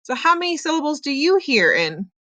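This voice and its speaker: A woman's voice: high voice, big pitch swings, sharp tone, no echo. Patient woman teacher, dry close sound. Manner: patient, explains slowly with many ums. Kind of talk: recorded classroom lesson.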